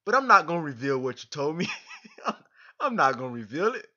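A man's voice: on the high side, sing-song, a little fast, pushed and bright. Effusive man on a dull lo-fi vlog. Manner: effusive, repetitive, keeps saying "man"; emotional, grateful. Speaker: boxing fan vlogger. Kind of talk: direct-to-camera vlog address. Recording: dull lo-fi recording.

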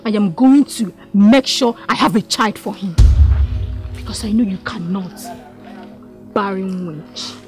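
A woman's voice: medium pitch, normal speed, close to an everyday voice. An actress with a Nigerian accent playing a bold young woman who chases a married man and mocks his wife. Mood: mocking. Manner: brazen, mocking. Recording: film scene with loud background music.

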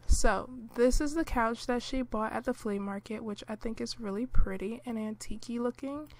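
A woman narrating her life-simulation gameplay in a relaxed, chatty way, with lots of fillers, clearing her throat now and then. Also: a little high, moderate pace. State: clearing throat, hiccuping and coughing. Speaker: gameplay commentator.

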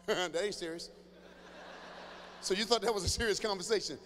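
Loud high-voiced man doing stand-up. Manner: loud, animated, rapid teasing with sudden shouted bursts. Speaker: stand-up comedian. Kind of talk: stand-up riffing with an audience member. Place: large church hall before a live audience. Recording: reverberant hall with faint ambient noise.

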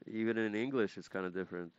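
A man's voice: lowish voice, quick pace, smooth, highs cut off. A man streaming a game, casually chatting and playfully repeating foreign words to practice them. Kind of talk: casual gaming live-stream chat.

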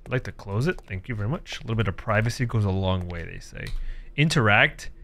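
Lively, bright-voiced joking gamer guy. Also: lowish voice, fast, a little hiss or hum. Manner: jokey, sarcastic, laughs often, reads game text aloud. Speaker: gaming streamer. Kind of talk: comedic game commentary.

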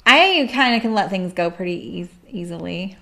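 A woman's voice: mid-range voice, expressive, normal speed, vocal fry, bright, forceful tone. Chatty, laughing woman sewing streamer. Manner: chatty and rambling, laughs often. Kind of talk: casual chat while sewing on a live stream.

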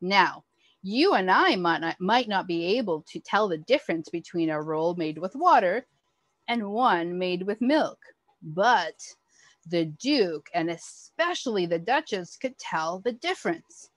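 A woman reads a children's picture book aloud at a slow, careful pace, her pitch rising and falling with lively expression. The sound is dry and close, with no room echo. She tells the story in an animated, expressive way for young listeners. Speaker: early childhood educator.

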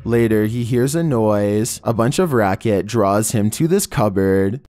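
Male narrator, deep-ish voice, dark mellow tone, steady ominous scripted narration, slow drawn-out titles. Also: no echo, studio quality. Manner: measured, ominous delivery with slowed, drawn-out titles. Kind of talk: scripted horror countdown narration.

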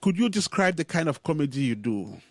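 Male radio host interviewing a guest; animated pitch, hesitant phrasing, dry close mic. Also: fairly quick, dry recording. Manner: hesitant, many "uh" fillers between phrases.

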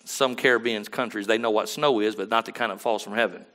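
A man preaching a sermon as pastor, dropping to quiet asides and then rising to loud emphatic lines, often asking the congregation to agree. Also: steady tone, quick pace. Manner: swings from low murmurs to loud emphatic bursts.

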